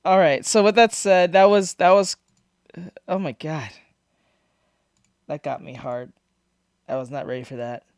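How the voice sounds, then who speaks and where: A man hosting a reaction video, shouting and swearing at scary moments and mumbling his asides between them. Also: fairly high pitch, fairly even intonation, unhurried, pauses often, clear, resonant tone, no echo, soft background music. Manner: loud swearing outbursts and screams, then mumbling asides. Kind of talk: casual reaction commentary. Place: home recording room with foam treatment. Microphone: desk microphone.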